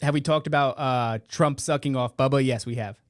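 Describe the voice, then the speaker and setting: A man hosts a live podcast in a loose, rambling way, full of profanity and sarcastic rants. His voice sits in a middle pitch. The sound is dry and close, with no room echo. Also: fairly even intonation, brisk. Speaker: podcast host. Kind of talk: casual live podcast chat. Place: indoor room beside a meeting room. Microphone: headphones and close studio mic.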